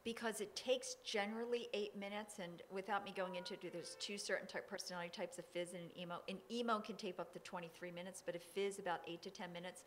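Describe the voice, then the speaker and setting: A woman's voice: medium pitch, steady tone, fast, few pauses, a little hiss or hum. Emphatic woman with faint background ambience. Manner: emphatic, forceful, acts out her own demands. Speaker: hypnotherapist. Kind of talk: casual interview talk.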